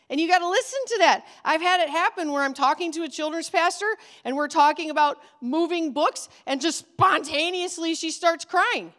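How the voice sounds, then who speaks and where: A woman's voice: sits high, fairly bright tone. A woman giving an earnest, emphatic teaching talk to children's pastors in a conversational way. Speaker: ministry trainer for children's pastors.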